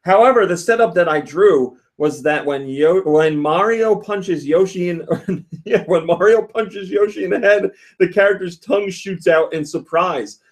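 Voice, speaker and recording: A man's voice: high voice, measured pace, hardly any pauses. A man hosting a casual podcast, reading listener comments aloud and laughing often. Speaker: podcast host.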